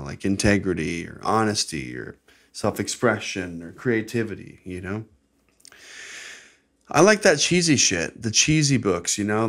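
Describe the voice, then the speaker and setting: A man's voice: on the low side, fairly bright tone. A young American man hosting his own podcast, talking in a casual, rambling, profane and sarcastic way. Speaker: podcast host. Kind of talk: casual solo podcast monologue.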